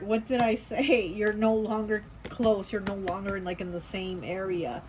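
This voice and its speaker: A woman's voice: medium pitch, steady tone, normal speed, hardly any pauses, noisy background. A woman giving a casual tarot reading in a rambling, chatty way, with lots of fillers and restarts. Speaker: tarot reader.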